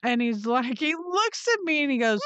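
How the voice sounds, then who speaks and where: A woman's voice: sits high, sing-song, moderate pace, fairly bright tone, clear, resonant tone, dry recording. A middle-aged woman co-hosting a podcast in casual chat, blunt and swearing freely as she tells family stories. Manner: blunt, swears freely, acts out her son's voice in storytelling. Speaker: podcast co-host.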